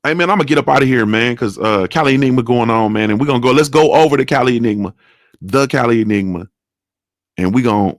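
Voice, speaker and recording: A man's voice: lowish voice, no room sound, studio quality. Laid-back male boxing show host. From Ohio, USA. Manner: loose, repetitive, slangy, sign-off shout-outs. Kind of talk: casual live-stream talk.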